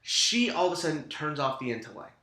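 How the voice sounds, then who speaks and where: A man's voice: a little high, very animated, fairly quick, pushed and bright, reverberant. A man co-hosting a casual podcast, giving frank, crude dating advice with emphasis. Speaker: podcast co-host. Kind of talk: casual chat.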